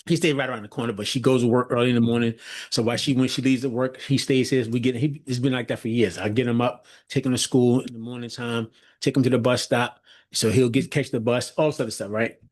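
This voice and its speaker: A man's voice: medium pitch, fairly even intonation, fast, darkish tone. A middle-aged man giving a motivational leadership talk, repeating phrases with a preacher-like emphatic cadence and frequent restarts, as if on a video call. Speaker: leadership coach.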